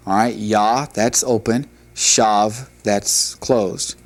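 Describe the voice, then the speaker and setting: A man teaching a Hebrew language lesson, reading word lists aloud in a measured, deliberate way and explaining syllables. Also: lowish voice. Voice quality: measured, deliberate delivery with pauses between drilled words.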